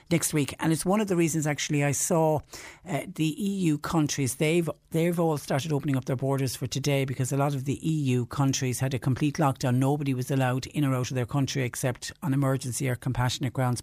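A man's voice: medium pitch, a little mellow, dry recording. Chatty Irish radio host man. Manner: chatty, conversational, acts out quoted voices. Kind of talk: casual radio talk, reading listener letters.

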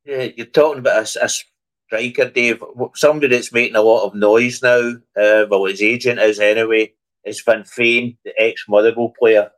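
A man's voice: mid-range voice, level tone, moderate pace, rough recording. A man, co-hosting a football podcast in casual conversation, with stammering restarts. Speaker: podcast co-host.

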